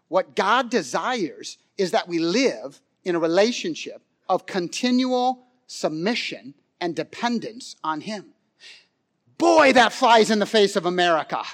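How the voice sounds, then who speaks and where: A middle-aged man preaching a sermon in a conversational way, with many fillers and questions to the congregation, swinging from loud animated stretches to hushed emphasis. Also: sits high, measured pace. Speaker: pastor.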